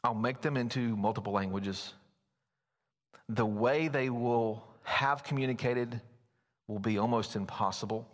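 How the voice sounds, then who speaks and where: A man's voice: mid-range voice, measured pace. A man preaching a sermon as pastor, folksy and telling stories. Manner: folksy, storytelling, animated at times. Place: church sanctuary. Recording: long church reverb.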